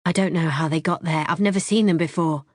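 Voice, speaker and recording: A woman's voice: deep voice, quick pace, no echo, clean studio sound. A woman voicing a flustered man pleading earnestly with his girlfriend, in audiobook dialogue.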